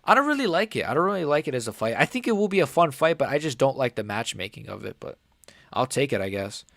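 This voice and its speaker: A young man hosting a live fight reaction stream, rambling casually with lots of "like" and "bro" while his voice sometimes cracks high. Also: sing-song, fast, gravelly, fairly bright tone, dry recording, studio quality. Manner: rambling, filler-heavy, says "like" and "bro" often. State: voice cracking upward at times.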